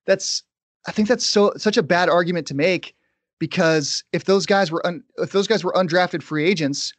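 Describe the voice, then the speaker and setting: A man hosting a sports podcast, talking in a brisk, opinionated and conversational way. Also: high voice, no echo. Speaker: podcast host. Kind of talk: casual sports podcast chat.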